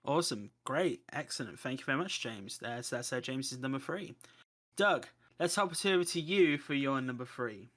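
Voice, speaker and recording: A man's voice: medium pitch, expressive, moderate pace, a bit bright. A man hosting a podcast, cueing each co-host with brief upbeat remarks. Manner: upbeat, moves the show along with short cues. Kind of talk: casual chat.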